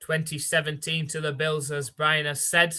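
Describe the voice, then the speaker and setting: Bright-voiced man calling live football. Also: fairly high pitch, little pitch movement, clear, resonant tone. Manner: calls plays briskly, reads out viewer chat. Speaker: livestream play-by-play host. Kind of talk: live play-by-play commentary and chat.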